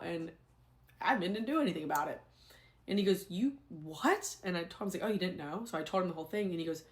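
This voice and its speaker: A young adult woman, a former teacher, telling a story in a casual, animated, exasperated way. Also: on the low side.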